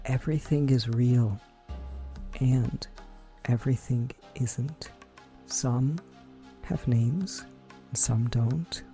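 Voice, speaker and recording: A man plays in a tabletop game. He speaks slowly in a gravelly, mellow voice. Soft music plays behind him. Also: medium pitch. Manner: slow, hushed recitation. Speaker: player. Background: faint music.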